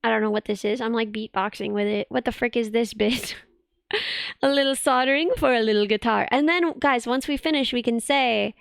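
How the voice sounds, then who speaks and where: A woman's voice: fairly high pitch, normal speed, vocal fry, clear, resonant tone, no echo, studio quality. A young woman VTuber chatting casually on a live stream, giggly and rambling with lots of filler words.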